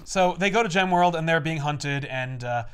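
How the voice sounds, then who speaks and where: A man's voice: on the high side, moderate pace, clean tone. A man co-hosting a podcast, recapping a TV episode in casual, profane chat and acting out the characters' lines. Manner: animated, profane, acts out quotes. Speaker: podcast co-host.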